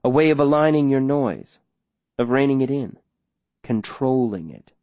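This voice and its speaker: A man doing a soft-spoken, controlling older mayor, audiobook reading, measured delivery, mid-pitched voice, dry close recording. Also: lively intonation, dry recording, muffled recording, natural voice. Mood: menacing calm. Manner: slow, measured, quietly commanding. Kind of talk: audiobook character voice.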